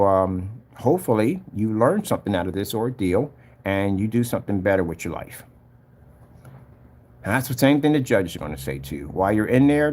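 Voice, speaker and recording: A man's voice: fairly low pitch, darkish tone. Earnest preachy man telling his story. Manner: earnest, preachy, retells events with acted-out voices. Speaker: vlogger giving a personal testimony. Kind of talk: casual spoken testimony.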